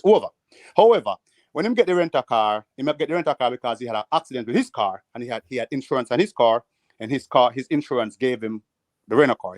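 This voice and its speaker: A Jamaican man telling rambling, animated stories in patois during a casual panel chat. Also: medium pitch, no room sound, studio quality. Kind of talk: casual storytelling. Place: living in the United States.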